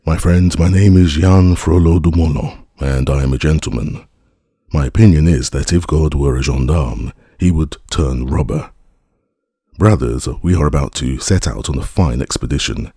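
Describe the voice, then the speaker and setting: A man's voice: a bass voice, normal speed, warm tone, slightly rough, no room sound, clean studio sound. A man voicing a boastful young male rogue in armor in an audiobook, with rowdy, swaggering declamation.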